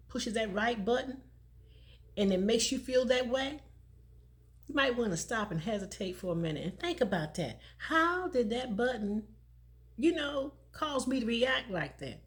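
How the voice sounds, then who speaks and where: A middle-aged woman hosting a motivational vlog, telling a personal story in a conversational way, laughing often and repeating phrases for emphasis. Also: fairly high pitch. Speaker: motivational vlogger.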